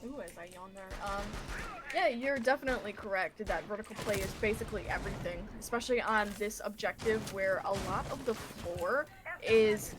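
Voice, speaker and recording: A woman's voice: mid-range voice, a little fast. Chatty woman giving esports color commentary. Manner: casual, chatty, laughs easily. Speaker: esports co-caster.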